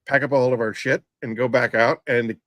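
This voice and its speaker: A middle-aged man tells a grim work story in loose podcast chat, often restarting his sentences and circling back. His voice sits at an ordinary pitch for a man. The recording is dry and close, with little room sound. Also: fairly even intonation, brisk, fairly bright tone, no echo, highs cut off. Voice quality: rambling, frequent restarts and fillers. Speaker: podcast host, former EMT. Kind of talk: casual storytelling.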